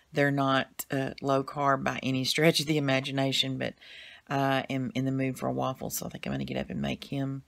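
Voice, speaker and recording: A woman with a Southern US accent, chatting casually to her camera as a vlogger, rambling with lots of fillers and restarts. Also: rumbling low.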